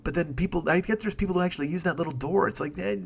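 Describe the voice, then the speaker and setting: A man's voice: high-pitched, rapid-fire, vocal fry, a little hiss or hum. A man hosting a solo comedy podcast, ranting in a profane, rambling, sarcastic way into a microphone. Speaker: podcast host. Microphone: studio microphone.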